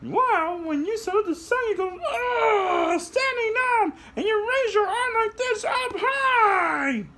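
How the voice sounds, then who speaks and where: A man voicing an excitable little female cat puppet with a squealy, eager, bouncy manner. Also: very high-pitched, slow pace, hardly any pauses, slight background noise, voice pushed up, full character voice.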